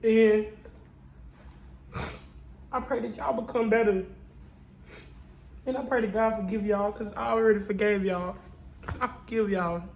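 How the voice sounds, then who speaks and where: A woman's voice: medium pitch, fairly even intonation, unhurried, creaky, pauses often, a little mellow, poor audio. A woman speaking straight to her viewers in an emotional confessional vlog. She sounds tearful and talks in a prayerful, testifying way, repeating her lines over and over. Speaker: vlogger.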